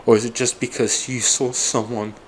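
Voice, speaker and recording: A man's voice: medium pitch, level tone, normal speed, slight background noise. A man in his forties, upset and exhausted, venting in a bitter, raw personal monologue full of swearing. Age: 40s. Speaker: vlogger.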